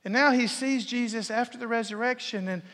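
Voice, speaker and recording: A man preaching a sermon as a pastor in a church, swinging between loud declarations and hushed whispers. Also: extremely high pitch, fairly quick. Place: church sanctuary. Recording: long reverb of a large hall.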